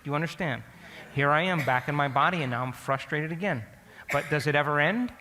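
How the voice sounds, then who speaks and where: A man giving a storytelling lecture to an audience, speaking in an animated way and often asking the listeners questions. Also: on the high side, a little fast, big-room sound.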